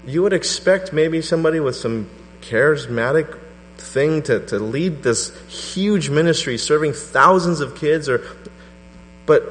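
A middle-aged man preaching a sermon to a congregation, telling a personal story with animated energy. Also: unhurried. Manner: animated storytelling, voice rising to a high pitch in quoted prayers. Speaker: pastor. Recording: reverberant hall with mains hum.

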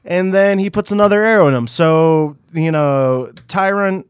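A man's voice: moderate pace, smooth, no echo, studio quality. A man co-hosting a casual podcast, recapping a TV episode with lots of stammering restarts and swearing. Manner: rambling, stammering restarts, swearing, acts out quotes in a high voice. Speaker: podcast co-host.

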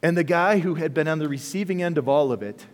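Male pastor, fairly high voice, expressive sermon delivery, echoing hall sound. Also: fast. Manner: animated, rhetorical questions to the congregation. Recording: long reverb of a large hall.

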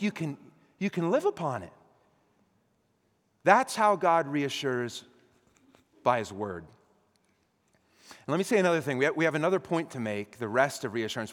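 A male pastor preaches with a high, lively voice that climbs and falls widely. He moves between loud urgency and hushed storytelling, and his words ring out with the long reverb of a big church sanctuary. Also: normal speed. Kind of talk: sermon. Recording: long reverb of a large hall.

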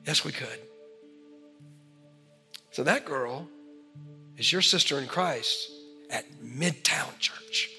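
Animated man preaching in a reverberant hall. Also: fairly high pitch, takes it slowly, gravelly, pauses often. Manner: storytelling, animated, ends in prayer. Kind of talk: sermon. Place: church sanctuary. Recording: large hall reverb with faint music.

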